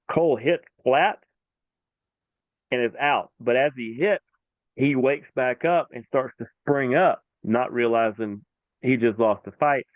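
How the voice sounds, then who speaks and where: A man hosting a combat sports show, retelling a fight in a casual, animated way and acting out what the referee said. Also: mid-range voice, dry recording, narrow, tinny audio. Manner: animated storytelling, acts out the referee. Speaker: podcast host.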